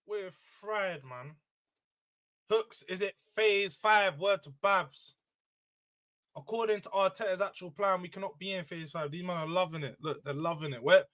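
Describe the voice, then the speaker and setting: Hosting a casual football livestream at a moderate pace, a high, bright-toned man gets loud and emotional, ranting before calming things down again. His delivery remains animated and chatty, on a low-quality recording.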